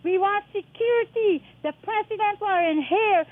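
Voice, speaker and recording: A middle-aged Guyanese woman calls in to a talk radio show, distressed and pleading. Her voice sits very high, and it comes through a thin phone line with no room sound at all. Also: unhurried, hardly any pauses, no room sound. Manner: distressed, pleading, calls the host son and my dear. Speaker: caller. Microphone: telephone. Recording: tinny dry phone line.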